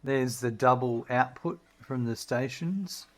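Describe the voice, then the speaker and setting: A middle-aged man giving relaxed, chatty commentary while streaming a game. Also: medium pitch, slow. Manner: relaxed, chatty, talks to his dog in a sing-song voice. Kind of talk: casual gameplay commentary.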